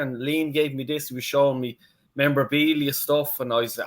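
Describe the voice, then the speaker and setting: A man's voice: medium pitch, steady tone, brisk, fairly bright tone. A young Irish man, a channel host, telling a rambling story in casual chat with lots of fillers and swearing. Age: young adult. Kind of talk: casual anecdote.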